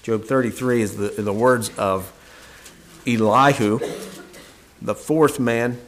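A man's voice: mid-range voice, fairly even intonation, takes it slowly, slight background noise. Man preaching through scripture verses. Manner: reads verses aloud in King James wording, then explains them plainly with restarts. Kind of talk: sermon with scripture reading.

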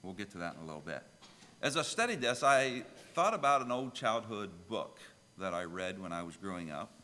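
A pastor preaching a sermon, telling a children's story with lively, emphatic delivery. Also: male voice, fairly low pitch, brisk, long reverb tail.

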